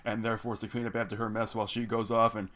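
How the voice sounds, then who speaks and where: A man giving a casual, rambling recap of an animated episode, with many "like" and "you know" fillers. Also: on the low side, fast. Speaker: video reviewer.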